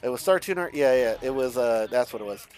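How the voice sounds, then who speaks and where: A man's voice: mid-range voice, expressive, quick pace, darkish tone. A young man from a Mexican family, a streamer chatting casually and rambling, swearing often and restarting his sentences. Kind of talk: casual rambling chat while playing a driving game.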